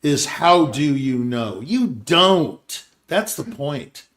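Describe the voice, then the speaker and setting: Older male host, rambling casual talk, slightly higher voice. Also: sing-song, slow, a bit bright. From Scottsdale, Arizona area. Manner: rambling, restarts, quotes others in put-on voices. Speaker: show host. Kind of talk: casual conversation.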